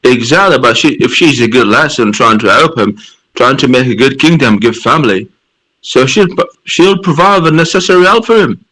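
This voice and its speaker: A man with a London accent taking part in a group discussion, relaxed and drawling, often opening with "well". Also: mid-range voice, normal speed, rough recording. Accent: London English. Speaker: workshop participant.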